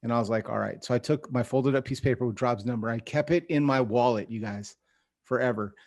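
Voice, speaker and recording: A man's voice: medium pitch, fast, a little mellow. A man hosting a podcast, telling a rambling story and laughing through his lines. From California. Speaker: podcast host. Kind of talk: casual podcast chat.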